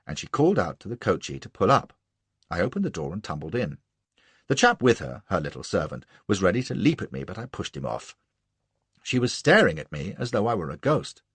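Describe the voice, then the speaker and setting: Brash male audiobook narrator, first-person, lowish and husky. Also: fairly quick, no room sound. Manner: brash, boastful and lively.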